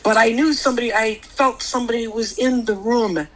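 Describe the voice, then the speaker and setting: A middle-aged woman recounts a personal experience as a podcast guest, her voice sitting on the higher side. She rambles and restarts, and her voice leaps up when she quotes other people. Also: steady tone, fairly quick, low-quality recording. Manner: rambling, full of restarts, jumps high when quoting others.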